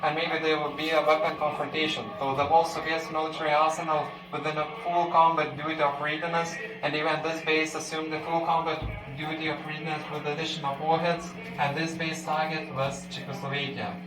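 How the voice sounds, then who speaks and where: A man guiding a tour group through a museum, explaining history in halting English. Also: on the high side, flat delivery. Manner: explanatory, slightly halting non-native phrasing. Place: indoor museum hall. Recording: distant echoey room with loud music.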